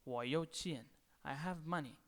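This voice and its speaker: A man giving a slow video lecture as a language teacher, repeating each word several times. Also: on the high side, fairly bright tone. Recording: long reverb.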